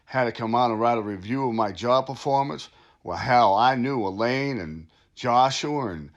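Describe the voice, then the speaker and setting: Guy doing a smug crooked town official, slow gravelly bragging. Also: mid-range voice, fairly bright tone. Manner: smug, bragging, laughing at himself. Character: boastful crooked male town official, middle-aged. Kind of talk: satirical comedy monologue.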